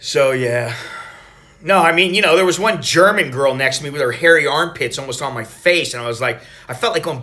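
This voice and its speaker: Bright-voiced American man rambling. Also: on the high side, fairly quick. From United States. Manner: rambling, profane, animated storytelling. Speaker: travel vlogger. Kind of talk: casual travel vlog.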